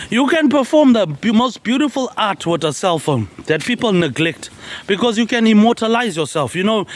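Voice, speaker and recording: A man rambling through an improvised, stream-of-consciousness monologue, repeating himself and tagging "mate" onto his lines. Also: high voice. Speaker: social media personality.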